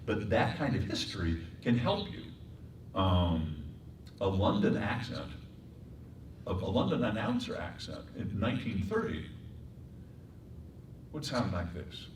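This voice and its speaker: A man teaching voice acting in a workshop lecture, breaking into accent and pitch demonstrations. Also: very animated, measured pace, long pauses, darkish tone, a little hiss or hum. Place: performing arts center room. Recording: echoey room, mic far off.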